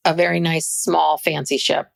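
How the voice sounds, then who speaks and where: A woman co-hosting a podcast chats loosely, often restarting her sentences. Her voice sits a little low and has a gravelly fry to it. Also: level tone, moderate pace. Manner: chatty, many restarts and fillers. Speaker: podcast co-host. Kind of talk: casual chat.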